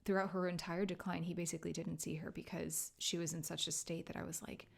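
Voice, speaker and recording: A woman podcast host telling a personal story in a soft, halting, tearful way, often dropping to a whisper. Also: lowish voice, level tone, creaky. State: emotional, near tears. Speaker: podcast host and grief coach. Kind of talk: personal solo podcast monologue.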